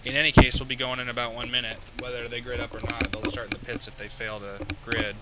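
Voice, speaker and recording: A man's voice: medium pitch, flat delivery, quick pace, heavy background noise. A man streaming a racing game, talking to himself while driving and grumbling about a crash. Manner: talks to himself while driving, frustrated and ranting. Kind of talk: live gameplay commentary. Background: loud music.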